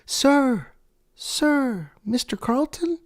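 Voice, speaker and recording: A man voicing a woman receptionist at a court desk, calling out urgently in a high falsetto. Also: lively intonation, very slow, no echo, heavily acted.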